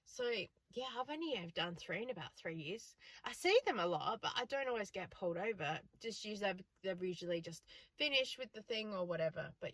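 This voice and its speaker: An Australian woman in her forties, a chatty vlogger telling stories and laughing often. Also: on the low side. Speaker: frugal living vlogger. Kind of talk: casual vlog chat.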